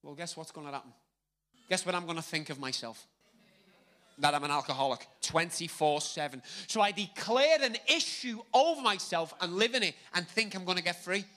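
A man preaching a sermon, animated and jokey, repeating words for emphasis. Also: high-pitched, moderate pace.

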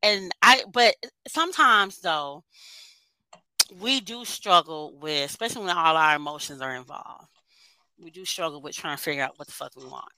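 Woman, podcast guest, candid, bright tense voice, dry close sound. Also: deep voice, normal speed, dry recording, low-quality recording. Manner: candid, animated, swears casually. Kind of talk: casual podcast chat.

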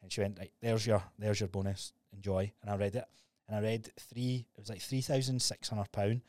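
A man's voice: lowish voice, a little fast, no echo, clean studio sound. A young man co-hosting a podcast, telling stories in a casual, sweary way. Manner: swearing, storytelling, animated retellings. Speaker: podcast co-host. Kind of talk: casual chat.

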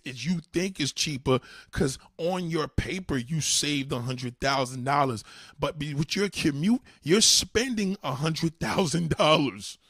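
A man's voice: a little high, a bit bright, slightly rough, dry recording, clean studio sound. A man delivering a heated, profane monologue, blunt and repetitive, swearing a lot.

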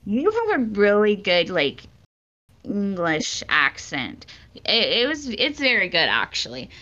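Bright, crisp woman, casual podcast banter, slightly dull recording. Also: mid-range voice, huge pitch swings, takes it slowly. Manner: laughing, joking. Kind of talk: casual chat.

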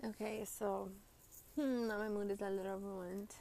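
A woman's voice: medium pitch, steady tone, a little slow, warm tone. A young woman casually telling a story to her viewers, chatty and profane, with lots of "like" fillers. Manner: chatty and profane, heavy use of "like".

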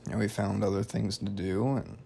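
A man's voice: lowish voice, little pitch movement, normal speed, vocal fry, mellow, a little hiss or hum. A young man chatting casually as a podcast guest about married life, rambling and joking, with lots of fillers. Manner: rambling, jokey, filler-heavy. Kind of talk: casual conversation.

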